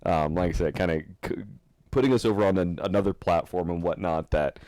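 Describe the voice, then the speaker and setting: A man hosting a podcast, telling stories in a rambling, animated way and laughing often. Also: sits low, brisk, no echo. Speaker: podcast host. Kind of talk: casual podcast chat.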